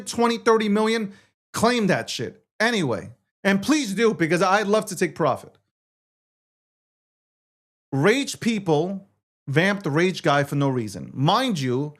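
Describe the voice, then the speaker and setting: Guy hosting his own show, swearing a lot, fired up and combative, voice jumping all over the place. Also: high-pitched. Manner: profane, combative, heated rant; reads social media posts aloud and argues back. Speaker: show host. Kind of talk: ranting crypto talk show monologue.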